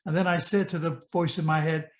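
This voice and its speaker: A man's voice: a little high, fairly even intonation, a little fast, reverberant. A man in his eighties from Michigan, telling a personal experience in an earnest, vivid present tense with frequent restarts. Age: 80s. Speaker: speaker sharing a personal experience. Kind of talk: personal storytelling talk.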